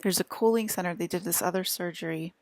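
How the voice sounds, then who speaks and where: Gravelly-voiced woman rambling to camera. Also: fairly low pitch, a little mellow, no echo. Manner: halting, many restarts and fillers, drifts into whispers. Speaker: vlogger. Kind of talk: rambling casual monologue.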